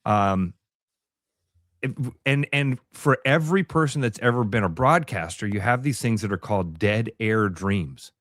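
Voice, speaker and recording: A man's voice: on the low side, expressive, measured pace, a bit bright, no room sound. Chatty male radio co-host, dry studio sound. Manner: chatty, rambling, self-deprecating storyteller. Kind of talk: casual morning radio chat.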